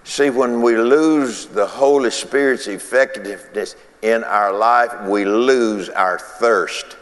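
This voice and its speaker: A man's voice: medium pitch, slow pace, big-room sound. A man preaching a folksy sermon, repeating phrases and chuckling between points.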